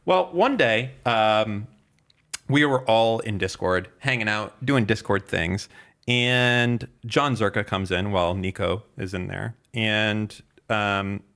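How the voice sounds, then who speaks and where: A man's voice: fairly low pitch, slow, a bit bright. A man co-hosting a podcast in casual chat, telling a long story with many fillers, restarts and swearing. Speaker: podcast co-host.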